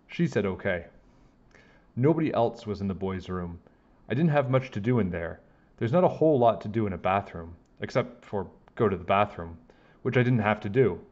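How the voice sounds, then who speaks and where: A man with a fairly low voice reads a children's chapter book aloud, swinging his pitch widely as he tells the story. His delivery is animated and expressive. The sound is slightly dull and lo-fi. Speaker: storybook reader.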